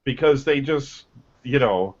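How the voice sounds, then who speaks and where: Animated opinionated man on lo-fi radio. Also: medium pitch, slow. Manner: opinionated, swearing, animated rants. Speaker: podcast co-host. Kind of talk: casual radio banter. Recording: lo-fi muffled audio.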